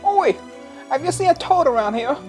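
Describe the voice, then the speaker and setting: A woman's voice: high voice, expressive, normal speed, a little mellow, soft background music. A woman playing a timid schoolboy wizard searching for his lost toad in an improvised tabletop game. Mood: eager. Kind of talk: improvised tabletop role-play.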